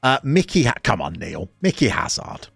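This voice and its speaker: Lively, teasing West Midlands man in his forties. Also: medium pitch, normal speed, vocal fry, slightly rough, no room sound. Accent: West Midlands English. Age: 40s. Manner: jokey, teasing banter with viewers. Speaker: streamer reading live chat. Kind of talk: live stream chat.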